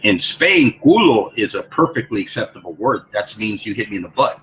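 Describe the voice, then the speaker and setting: A man's voice: lowish voice, sing-song, brisk, fairly bright tone, a little hiss or hum, rough recording. A man in casual group chat, rambling and cursing, with many restarts. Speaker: lobby chat participant.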